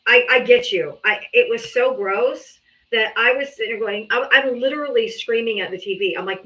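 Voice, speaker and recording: A woman's voice: on the high side, moderate pace, few pauses. Blunt, profane woman hosting a call-in stream. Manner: blunt, profane, animated storytelling. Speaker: host of a live call-in political show. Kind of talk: casual live-stream talk with callers. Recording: slightly dull lo-fi stream audio.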